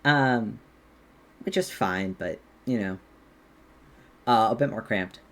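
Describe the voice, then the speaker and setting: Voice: medium pitch, slow. A game master running a streamed tabletop game, giggly and loose, swearing casually.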